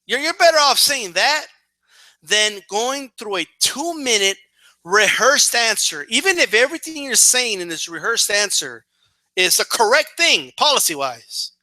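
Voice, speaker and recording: A man's voice: very high voice, sing-song, measured pace, pushed and bright, no echo. A man giving profane, emphatic political commentary in a casual rant, full of fillers and "right?" tags.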